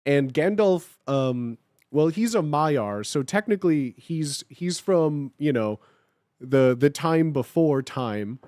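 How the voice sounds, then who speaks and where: A man's voice: on the high side, a little mellow, no echo, clean studio sound. A young man hosting a live stream, chatting casually with viewers, swearing and laughing often. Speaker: livestream host.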